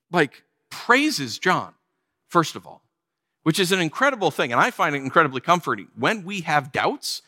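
A man preaching with a bright, fairly high voice that climbs and dips all over as he acts out the people in his story. His sermon rings with a long hall reverb, giving the sense of a big church sanctuary. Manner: animated, conversational preaching with acted-out quotes. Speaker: pastor.

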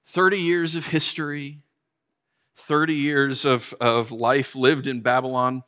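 A man preaching a sermon, telling a funny personal story with lively, animated delivery. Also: medium pitch, unhurried. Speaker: pastor.

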